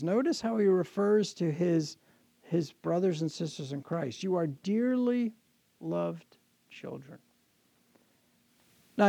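Gravelly, dark-voiced male pastor preaching. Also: high-pitched, no echo. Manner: earnest, repeats words when restarting. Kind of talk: sermon.

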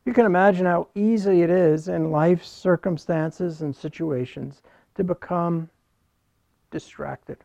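A man's voice: a little high, a little slow, creaky, a little mellow, no echo, lo-fi sound. A man preaching a sermon, explaining a scripture passage and reading verses aloud in an earnest teaching manner. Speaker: pastor.

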